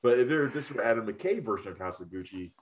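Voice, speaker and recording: A man's voice: lowish voice, expressive, fast, crowd noise. A man in casual review chat, rambling and profane as he gives strong opinions on films. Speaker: film critic podcast host. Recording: tinny phone-like line.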